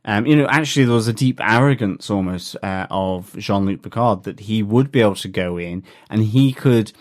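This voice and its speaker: A man co-hosting a casual podcast chat. His voice sits a little low, and he talks with keen enthusiasm, piling up fillers and false starts as he goes. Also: normal speed. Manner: enthusiastic, many fillers and restarts. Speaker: podcast co-host.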